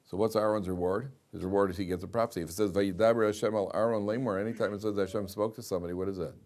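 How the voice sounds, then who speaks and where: A man teaching a Torah class, reading Hebrew verses aloud slowly and explaining them, often asking the class questions and repeating himself. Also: on the low side. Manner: animated, asks the class questions and repeats lines.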